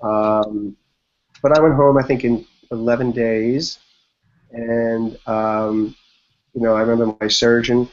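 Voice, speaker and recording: A man in his fifties sits in as a podcast guest and tells his story in a relaxed, meandering way, with fillers all through it. His voice sits at an everyday middle pitch for a man. The recording sounds a bit dull and lo-fi. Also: slow. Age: 50s. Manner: rambling, loose retelling full of "like" and "you know". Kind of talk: casual interview storytelling.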